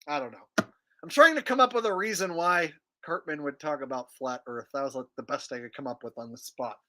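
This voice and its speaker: A man's voice: a little high, a little fast, sharp tone. A man hosting a livestream in casual chat, crude and rambling as he jokes around. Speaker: livestream host.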